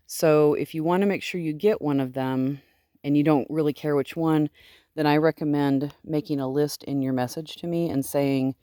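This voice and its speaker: Low-voiced lady farmer rambling to her sheep, baby talk here and there, dry sound. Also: normal speed, dark tone, dry recording. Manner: chatty, switching into cooing baby talk. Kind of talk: casual vlog talking to animals. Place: outdoors in a wet sheep pen.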